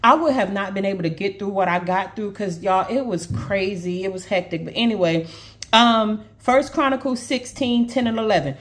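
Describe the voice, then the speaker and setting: A woman from Brooklyn, telling a personal story to her viewers in a chatty, animated way. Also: medium pitch, normal speed. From Brooklyn, New York. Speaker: storyteller on social video. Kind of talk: casual storytime vlog.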